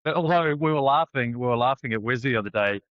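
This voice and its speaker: Fast-talking and medium-pitched, a forties-aged rugby coach from New Zealand chats in an easygoing way during a casual podcast interview, frequently starting his sentences over. The sound is dry, dull and lo-fi.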